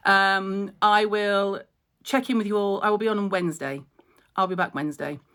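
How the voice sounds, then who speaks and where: A woman's voice: mid-range voice, steady tone, moderate pace, a bit bright, clean tone. A middle-aged woman talks straight to her followers in a vlog. She is tearful and emotional, yet blunt and outspoken, and swears without a second thought. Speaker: skincare blogger. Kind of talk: direct-to-camera vlog update.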